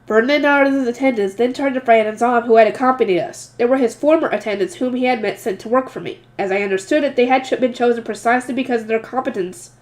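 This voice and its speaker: Woman, slightly nasal, higher pitch, casual novel reader with chatty asides. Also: quick pace, few pauses. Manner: chatty asides, emotional, some stumbles. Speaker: audiobook reader.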